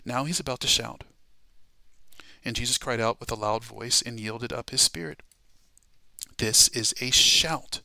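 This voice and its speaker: A man teaching a Bible study class in a sermon style, emphatic and dramatic, slowing down to stress key words. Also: mid-range voice, steady tone, vocal fry, bright, forceful tone, dry recording.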